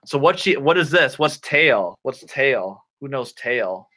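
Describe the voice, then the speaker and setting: A man teaching children English online, reading a storybook and acting out words in a slow, clear, animated way. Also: mid-range voice. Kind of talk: playful ESL lesson for children.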